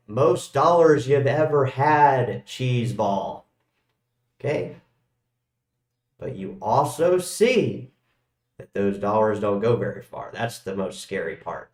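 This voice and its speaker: A man hosting a live stream, rambling and swearing, his loudness swinging from shouts to mumbles. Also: mid-range voice. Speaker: crypto livestream host. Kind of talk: casual livestream rant. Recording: echoey room.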